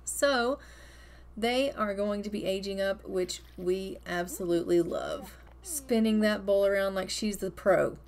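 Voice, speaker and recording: A woman's voice: mid-range voice, a little slow, a little mellow. Woman, gameplay commentary, chatty, upbeat, repeats words, desk mic. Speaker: gaming video host.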